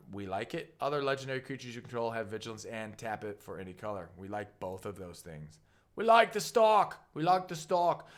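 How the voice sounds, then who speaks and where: A man hosting a casual card game deck walkthrough, playful and rambling, with goofy asides and sudden jumps in pitch. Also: fairly bright tone. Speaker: deck tech host.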